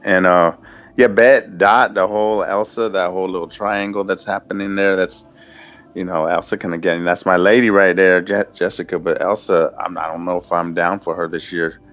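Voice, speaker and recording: A man with a very deep voice co-hosts a podcast in a relaxed, trailing manner. The audio is muffled and lo-fi, with faint music behind him. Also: normal speed. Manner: laid-back, trailing off, many "you know"s. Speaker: podcast co-host. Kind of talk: casual TV recap chat.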